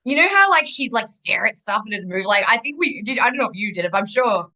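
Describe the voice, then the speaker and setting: A young adult woman, a guest in a casual interview, telling a personal story in a rambling, animated way full of restarts. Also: fairly high pitch, fast, rough recording.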